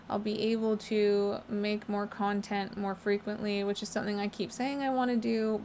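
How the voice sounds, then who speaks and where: A woman hosting a casual update vlog from home, talking fast and chatty, often rephrasing herself. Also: mid-range voice, gravelly, a little hiss or hum. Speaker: channel host.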